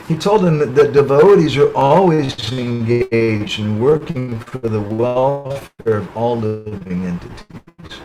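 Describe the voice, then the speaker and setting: A man's voice: medium pitch, takes it slowly, dark tone, faint music behind, poor audio. A man speaking at an online webinar, telling a parable in a storytelling sermon and often tagging lines with "huh?" or "right?". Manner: narrates a parable with tag questions. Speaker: spiritual speaker. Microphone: online webinar call.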